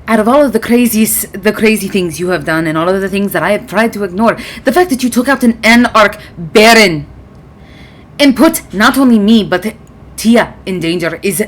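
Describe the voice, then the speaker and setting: A stern male vampire doctor, formal and protective, who speaks in clipped, measured sentences, as a woman puts him on during a tabletop game. The voice sits at a middling pitch for a woman. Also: lightly acted. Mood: indignant. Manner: formal, clipped address with titles. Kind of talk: tabletop role-play in character.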